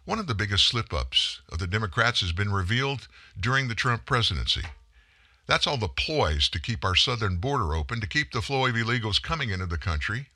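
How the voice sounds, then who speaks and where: A man's voice: fairly low pitch, sharp tone, no echo, clean studio sound. A man giving a political commentary monologue, emphatic and sarcastic, full of rhetorical questions.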